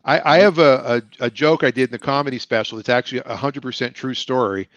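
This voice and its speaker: A man's voice: mid-range voice, fast, a bit bright, no room sound. A middle-aged man hosting a casual livestream chat over a video call. He rambles through stories and acts out other people's lines. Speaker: livestream show host. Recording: dull, lo-fi, dry sound.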